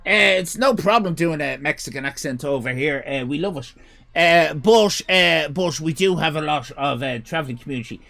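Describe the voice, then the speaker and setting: An Irish man hosting a live stream, chatting casually and rambling, swearing and breaking into shouts. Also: fairly high pitch, normal speed, vocal fry. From Ireland. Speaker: livestream host.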